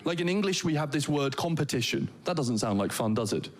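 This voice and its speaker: A man's voice: fairly high pitch, animated, a little fast. A man doing a stand-up comedy set with a wry, playful, mock-posh delivery, recorded on stage.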